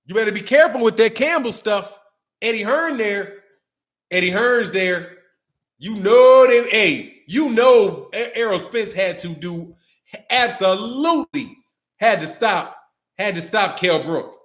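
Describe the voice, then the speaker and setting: A man's voice: high-pitched, animated, unhurried, fairly bright tone. A man hosting a boxing channel, chatting casually on a livestream. He talks in slang, laughs often and rambles. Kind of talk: casual livestream chat reading super chats.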